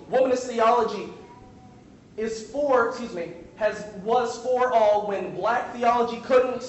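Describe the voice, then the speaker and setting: A man with a high-sitting voice preaches a sermon in a large church hall, urging the congregation to repeat words and drifting into colloquial asides. The recording echoes through the hall and carries a slight hiss or hum.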